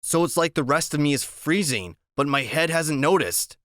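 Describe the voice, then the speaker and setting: A man's voice: fairly high pitch, moderate pace, no room sound. Man narrating an audiobook, dry sound. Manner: steady, plain storytelling. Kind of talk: first-person audiobook narration.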